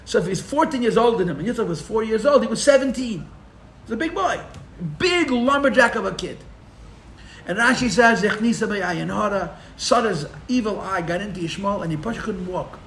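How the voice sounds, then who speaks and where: A man teaching a live Torah class as a rabbi, telling the story with animated, sarcastic humor and mixing in Hebrew and Yiddish terms. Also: high-pitched, moderate pace, echoey room, slight background noise. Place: room for a live-streamed class.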